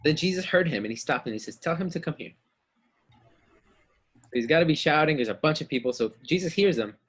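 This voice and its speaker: Husky man teaching kids Bible class. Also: fairly high pitch, lively intonation, quick pace, fairly bright tone. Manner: acts out story voices, asks kids questions. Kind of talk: children's Bible lesson.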